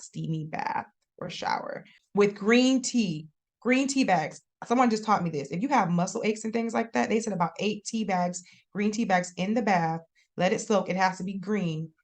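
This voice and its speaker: Woman, podcast guest, slightly low voice, chatty, expressive, laughs a lot. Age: young adult. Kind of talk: casual interview chat.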